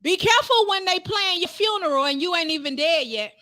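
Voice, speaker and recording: High, bright-voiced woman preaching fervently. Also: lively intonation, brisk, no echo. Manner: fervent, rising to shouts, calls out to the congregation. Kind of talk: sermon.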